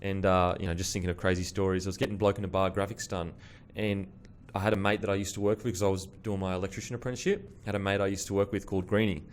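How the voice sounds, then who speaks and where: Lively Australian podcast host, low voice. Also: male voice, racing, hardly any pauses, slight background noise. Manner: swearing, animated storyteller. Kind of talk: casual chat.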